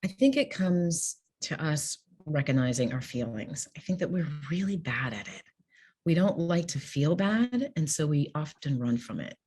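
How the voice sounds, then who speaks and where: A woman's voice: sits low, animated, normal speed, a little mellow, a little hiss or hum. A woman guest on an interview podcast, speaking candidly, laughing often and acting out what people say. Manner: candid, laughs often, acts out quoted speech. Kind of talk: conversational interview.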